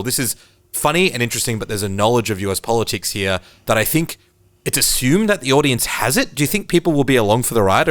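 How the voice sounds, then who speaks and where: This is an Australian man hosting a podcast, talking in a low voice. He steers a casual discussion and puts questions to his co-hosts. The sound is close and dry, with no room around it. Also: fairly bright tone, no echo. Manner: leads the discussion, asks questions. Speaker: podcast host.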